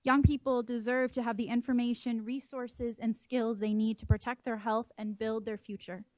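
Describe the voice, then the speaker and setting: A woman reading a prepared statement for an advocacy group in a smooth, measured way. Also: fairly high pitch, little pitch movement, darkish tone, dry recording. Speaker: advocacy representative. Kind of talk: read public statement.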